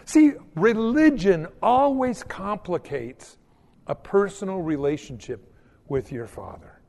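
A man preaching a sermon as a pastor, telling stories in a folksy, animated way. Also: high voice, slow pace, gravelly, big-room sound. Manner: animated, folksy storytelling with mock old-English prayers.

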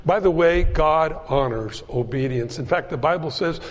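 A man's voice: on the high side, normal speed, in a large hall. A man preaching a sermon to his congregation, speaking animatedly and acting out the voices he quotes. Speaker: pastor.

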